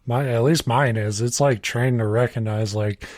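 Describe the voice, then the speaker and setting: Man, podcast co-host, dry close recording, deadpan, swears a lot. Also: medium pitch, normal speed, no echo. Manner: deadpan, swearing, self-mocking. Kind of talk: casual rambling chat.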